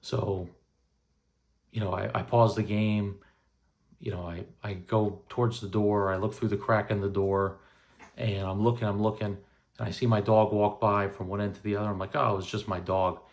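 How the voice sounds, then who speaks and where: Rambling low-voiced man telling a story. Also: flat delivery, moderate pace, darkish tone. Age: 30s. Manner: rambling, many fillers and restarts. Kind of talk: casual personal storytelling.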